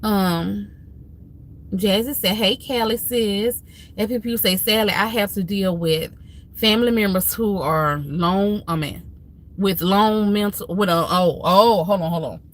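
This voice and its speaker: A woman's voice: mid-range voice, unhurried. Heartfelt woman chatting on a livestream. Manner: heartfelt, preachy storytelling with Southern Black church phrasing. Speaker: live stream host. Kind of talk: casual live stream talk to viewers.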